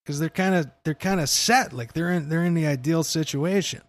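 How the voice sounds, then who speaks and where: A man's voice: fairly high pitch, fairly quick, no room sound. A young man hosting a casual podcast chat, laid-back and swearing freely, often calling his co-host "dude".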